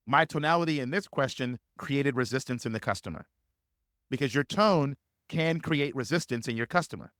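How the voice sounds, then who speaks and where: A man's voice: medium pitch, a bit bright, dry recording. Emphatic man coaching in a dry voice. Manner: emphatic, repeats key phrases for stress. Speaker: sales coach. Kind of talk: live webinar teaching.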